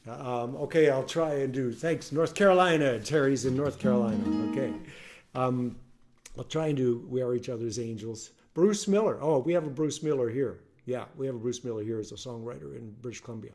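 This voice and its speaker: A man's voice: medium pitch, fairly quick, a little mellow. An older man, a singer-songwriter, chatting casually on a home livestream between songs, rambling and restarting his sentences. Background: acoustic guitar.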